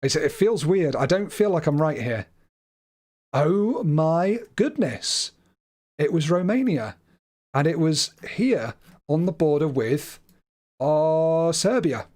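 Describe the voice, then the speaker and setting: A British man chats his way through a guessing game on a livestream, teasing himself and laughing often. His voice sits a little high for a man, and his delivery is relaxed and conversational. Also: a little slow. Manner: chatty, self-deprecating, laughs often. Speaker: streamer. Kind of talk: casual livestream game commentary.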